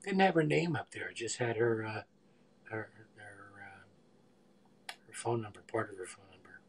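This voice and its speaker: A man in his sixties cooks live in his home kitchen, rambling and meandering as he chats, often trailing off into mumbled asides. His voice is lowish and unhurried, with slight background noise.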